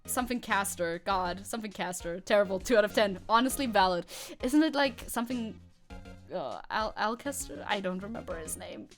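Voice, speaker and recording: A woman's voice: medium pitch, lively intonation, soft background music. A young woman streaming a game, chatting casually with her chat and laughing often. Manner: giggly, chatty, quick to laugh. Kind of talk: casual gameplay commentary.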